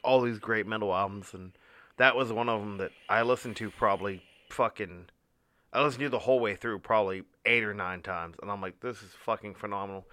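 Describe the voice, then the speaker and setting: A young man chatting on a podcast with a bright, forceful voice, recorded dry and close. He talks enthusiastically and swears freely. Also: fairly low pitch, fairly quick, no echo. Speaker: podcast co-host. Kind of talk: casual chat.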